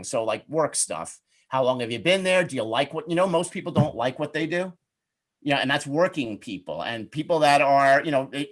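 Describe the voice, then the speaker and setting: Upbeat and conversational, this middle-aged man leads a webinar on networking as a coach, performing example questions as he talks. His pitch runs fairly high, with a slightly bright quality.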